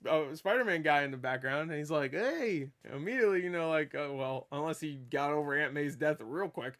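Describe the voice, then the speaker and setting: A man giving a casual spoiler review of a movie, rambling and excitable, swearing freely and stumbling over restarts. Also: a little high, fast talker. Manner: rambling, profane, with stammered restarts; animated and excitable.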